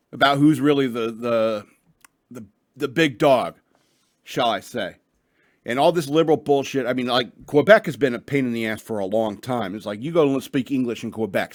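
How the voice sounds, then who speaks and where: A man's voice: medium pitch, dry recording, clean studio sound. A man hosting a radio show, ranting and reading news stories in a rambling, profane way with lots of restarts, a bit tipsy.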